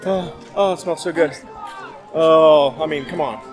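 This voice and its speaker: A man's voice: on the high side, unhurried, music in the background, crowd noise. A man hosting a casual theme park food vlog, chatty and laughing often as he talks. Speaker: vlog host. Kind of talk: casual food review chat.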